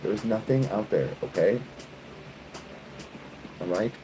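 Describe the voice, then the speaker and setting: A man's voice: fairly low pitch, lively intonation, slow pace, noisy background. A man chatting casually in a vlog, talking to the camera and to his dogs. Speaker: vlogger.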